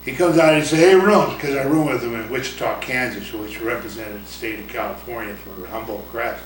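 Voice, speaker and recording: Older man, retired pitcher and coach, rambling chuckling storyteller, off-mic in an echoey room, noisy background. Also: brisk. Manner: rambling anecdotes, acts out voices, chuckles often. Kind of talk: casual interview storytelling. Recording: roomy, distant mic, noisy ambience.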